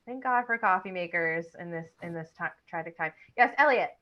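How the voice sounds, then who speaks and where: A woman's voice: fairly low pitch, a little fast, muffled recording. A woman hosting an online improv show over a video call, with upbeat emcee patter.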